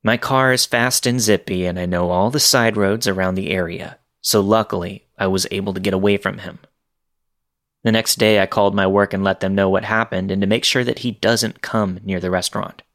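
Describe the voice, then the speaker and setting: A man reading scary true stories aloud in a measured, steady storytelling delivery. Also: lowish voice. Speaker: narrator.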